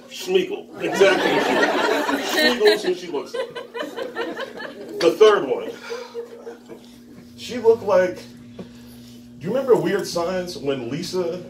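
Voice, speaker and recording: A man in his thirties telling a rambling stand-up story at an open mic, laughing at his own jokes and acting out the people in it. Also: high voice. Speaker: stand-up comedian. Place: bar with live audience. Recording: roomy distant mic with crowd.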